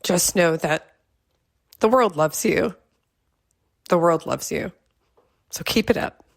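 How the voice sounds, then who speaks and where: A middle-aged woman leaving a halting, heartfelt voicemail tribute as a caller. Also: fairly low pitch, creaky. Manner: halting, heartfelt, pauses with ums.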